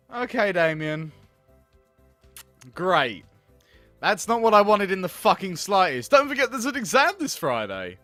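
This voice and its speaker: A man's voice: sits high, big pitch swings, a little slow, long pauses, fairly bright tone, no room sound, studio quality, soft background music. A man doing let's play commentary on a game, grumbling, swearing and sarcastic. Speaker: gaming video host.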